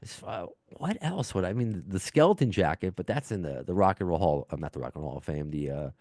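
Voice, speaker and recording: A New York man hosts his podcast from home, reading listener mail in a loose, self-deprecating ramble full of fillers and restarts. His voice sits low. The recording is dry and close, with no room sound. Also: animated, fast, darkish tone, dry recording. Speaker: podcast host. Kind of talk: casual podcast chat reading listener emails. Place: home, baby heard in background.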